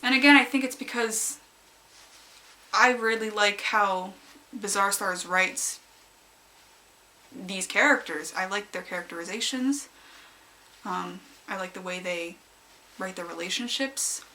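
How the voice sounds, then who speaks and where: Omg giggly young woman rambling about a story she loves, bright voice, keeps squealing. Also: medium pitch, measured pace, long pauses. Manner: excitable and giggly, squeals when quoting her own reactions. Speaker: fanfic reviewer. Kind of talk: casual rambling review.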